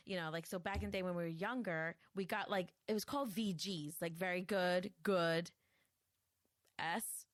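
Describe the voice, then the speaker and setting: A woman's voice: fairly low pitch, normal speed, dry recording, studio quality. A woman co-hosting a podcast, chatting casually and playfully acting out her family's voices. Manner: animated, playful, acts out family members' voices. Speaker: podcast co-host. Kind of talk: casual chat.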